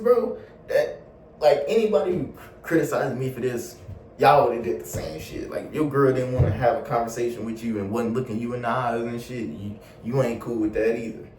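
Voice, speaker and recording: A young man telling a casual storytime vlog in slangy, animated talk full of swearing. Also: mid-range voice, recorded from a distance, a little hiss or hum. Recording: roomy echo, a bit off mic, faint ambience.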